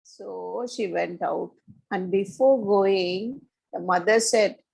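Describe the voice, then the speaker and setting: A woman telling a children's story slowly, asking a young listener questions as she goes. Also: mid-range voice, vocal fry, darkish tone, slightly rough, poor audio.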